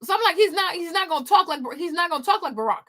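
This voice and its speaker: A woman's voice: extremely high pitch, lively intonation, very fast, fairly bright tone. A woman giving opinionated commentary from home, emphatic and repetitive, firing off rhetorical questions. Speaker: commentary vlogger.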